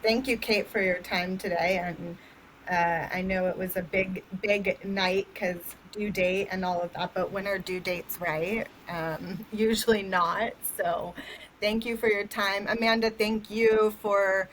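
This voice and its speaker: Woman guest, laughs a lot, trips on words, mid pitch, faint noise behind. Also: steady tone, measured pace, low-quality recording. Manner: warm, laughing, stumbles over words. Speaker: doula and company cofounder guest. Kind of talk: casual interview chat.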